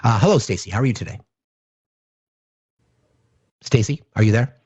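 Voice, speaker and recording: A man's voice: fairly low pitch, lively intonation, moderate pace, darkish tone, breathy edge, no room sound. A man hosting a political call-in show, talking in an impassioned, profane, ranting way. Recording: dull, lo-fi, dry.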